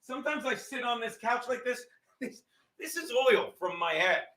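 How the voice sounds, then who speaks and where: A man's voice: very high voice, lively intonation, normal speed, sharp tone. A man in his thirties hosting his podcast from his couch at home. He rants in a rambling, profane, worked-up way and keeps stopping to fix his camera. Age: 30s. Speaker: podcast host. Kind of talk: profane livestream rant.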